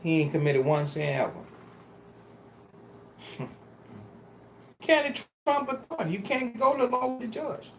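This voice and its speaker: A man preaches with a lively, swooping delivery, pressing and pleading with his listeners. His phrasing is casual and street-style. The sound bounces around an echoey church room. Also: very high voice, measured pace, creaky, pauses often, slight background noise. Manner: emphatic, pleading and exhorting the congregation. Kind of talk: sermon. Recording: roomy echo.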